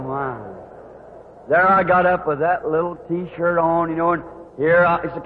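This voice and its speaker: Folksy high-voiced preacher on tinny tape. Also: male voice, unhurried, a little hiss or hum. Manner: folksy, animated, acts out quoted voices. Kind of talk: sermon storytelling. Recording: tinny old hall recording.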